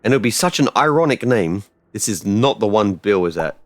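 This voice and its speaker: A man streaming a game live, rambling casually and bursting out loudly when things go right. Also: on the low side, normal speed, few pauses, no echo. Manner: rambling and excitable, with loud outbursts. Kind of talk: casual live-stream chat while gaming.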